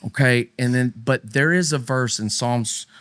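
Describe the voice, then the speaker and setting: This is a middle-aged man co-hosting a casual podcast. His voice sits mid-pitch and is recorded close and dry. He talks animatedly, leaping into high, emphatic bursts and then dropping low and quiet. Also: unhurried, no room sound. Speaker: podcast co-host. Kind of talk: casual faith talk with a co-host.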